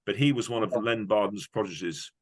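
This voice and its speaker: A man's voice: fairly low pitch, fairly quick. A man in his sixties from the United Kingdom, answering questions as a guest in a polite, easygoing way. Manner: polite, easygoing, apologetic when mishearing. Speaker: interview guest. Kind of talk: casual interview chat.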